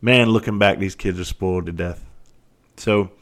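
A man's voice: sits low, steady tone, moderate pace. A man hosting a podcast, talking candidly in a rambling, profane monologue. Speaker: podcast host. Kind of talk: casual monologue.

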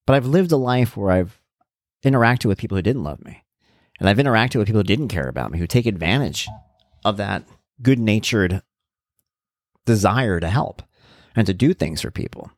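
Deep-voiced man hosting a candid podcast. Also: lively intonation, normal speed, pauses often, dry recording, studio quality. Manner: reflective, candid, conversational. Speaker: podcast host. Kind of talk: casual personal podcast monologue.

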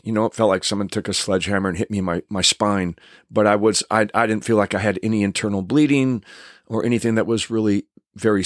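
A man's voice: on the low side, dry recording, studio quality. An older man, a stuntman, telling a casual anecdote in a rambling way with many restarts.

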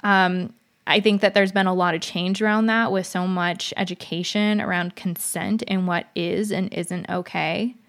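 A woman's voice: fairly low pitch, steady tone, normal speed, a bit bright. A young woman telling a personal story in a casual, frank monologue, chatty with many fillers and restarts. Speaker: vlogger.

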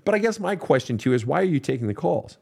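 A man's voice: fairly high pitch, sing-song, fast talker, gravelly, mellow. Blunt, profane male counselor. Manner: blunt and profane, talking straight to the listener. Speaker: counselor and show host. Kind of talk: answering listener questions on a podcast.

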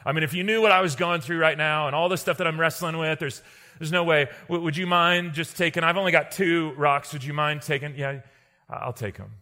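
Bright-voiced man telling a parable. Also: fairly even intonation, fairly quick, long reverb tail. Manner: acts out characters in a parable, drops low and quiet for them. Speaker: preacher. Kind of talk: sermon storytelling.

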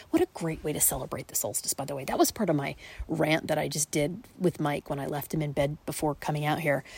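A woman's voice: sits low, gravelly, a little mellow, breathy edge. A woman in her late forties hosting a solo podcast, talking reflectively and often dropping into a whisper. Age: 40s. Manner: reflective, frequently whispering and laughing. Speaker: podcast host. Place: outdoors in a backyard at night.

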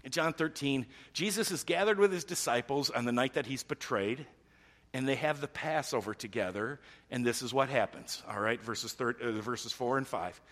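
A middle-aged man preaching a sermon, swinging from loud, urgent emphasis down to a hushed near-whisper. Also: mid-range voice, moderate pace. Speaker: pastor.

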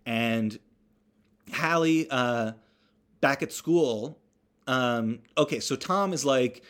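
Man, casual comedic movie recap, rambling, wry asides, mid-pitched voice. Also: takes it slowly, fairly bright tone.

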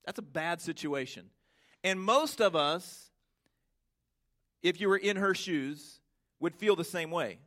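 A man preaching a Sunday sermon as pastor, asking the congregation rhetorical questions and drawing out key words slowly for emphasis. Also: sits high, lively intonation, a bit bright.

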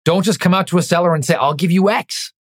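Hosting a real estate podcast, a man with a high-sitting voice and quick pace coaches listeners directly. His delivery is energetic and emphatic, sometimes dipping to a near-whisper for emphasis.

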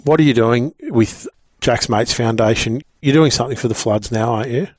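A man's voice: medium pitch, brisk, dry recording. Effusive Australian man hosting a podcast. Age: adult parent. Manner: effusive, calls people mate. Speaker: podcast host. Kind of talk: casual interview chat.

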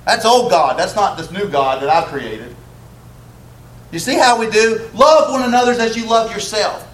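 Male pastor, slightly high voice, conversational sermon delivery, roomy church sound. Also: animated, normal speed. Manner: conversational, asks the congregation questions. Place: church sanctuary. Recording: echoey church room, faint ambience.

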